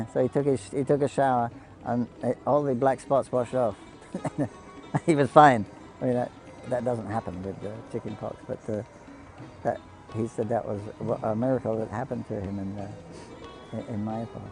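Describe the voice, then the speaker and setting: A man with a dark, mellow voice tells devotional stories at an even pitch. He talks in a halting, anecdotal way, often quoting the people he describes, with faint music underneath. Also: poor audio. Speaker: devotee storyteller on a pilgrimage broadcast. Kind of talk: devotional storytelling talk.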